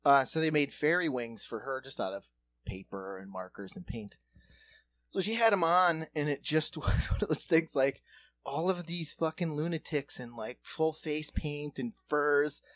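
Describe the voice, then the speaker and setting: A man in casual podcast chat, telling a profane, animated story and slipping into quick character voices. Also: a little high.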